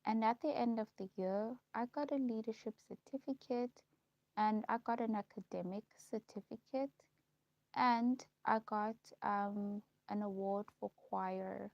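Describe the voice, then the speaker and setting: A young woman telling her life story in a casual vlog, repeating herself and pausing with ums as she lists memories. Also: mid-range voice, creaky, darkish tone, no echo. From South Africa. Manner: repetitive, listing recollections with frequent ums. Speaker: vlogger. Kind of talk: personal storytelling. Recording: dull lo-fi recording.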